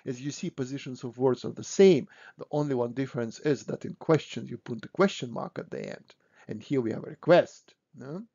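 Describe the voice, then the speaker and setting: A man's voice: mid-range voice, dark tone. Man teaching German grammar, dull lo-fi sound. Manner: patient, repeats "no?" to check understanding. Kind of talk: explaining grammar to learners.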